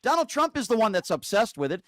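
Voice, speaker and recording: A man's voice: high voice, big pitch swings, fast talker, fairly bright tone, no echo, clean studio sound. A man hosting a call-in show, combative and insulting, cutting callers off. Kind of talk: heated call-in debate.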